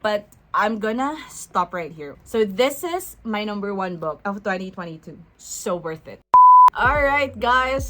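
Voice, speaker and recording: A young woman reviewing books in a casual vlog, effusive and emphatic, repeating words for stress. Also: on the high side. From Philippines. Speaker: book vlogger.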